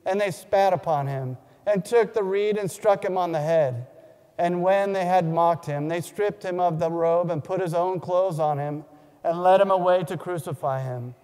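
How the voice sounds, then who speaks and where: A man reading the Gospel aloud during a church service, in a solemn, measured way with a few small restarts. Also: high voice, mellow, clear, resonant tone. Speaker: scripture reader. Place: large church. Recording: long church reverb.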